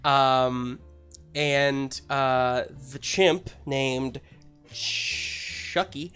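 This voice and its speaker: A man narrating a tabletop game as its game master. He drawls along slowly and loosely, stacking up fillers as he describes the scene. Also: a little high, a bit bright, clear, resonant tone, faint music behind.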